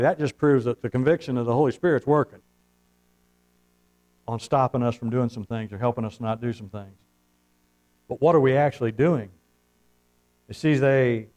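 A man's voice: mid-range voice, darkish tone, rough recording. A man preaching a sermon, telling folksy stories and calling out for amens. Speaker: pastor.

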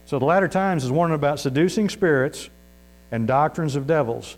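A man's voice: fairly high pitch, fairly quick, low-quality recording. A man preaching a sermon in a folksy, emphatic way, his voice rising to stress a point. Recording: mains hum.

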